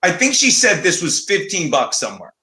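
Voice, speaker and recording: A man co-hosting a casual livestream chat, loud and swearing, laughing through his stories. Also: high-pitched, wildly swooping pitch, fairly quick. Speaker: co-host. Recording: echoey room.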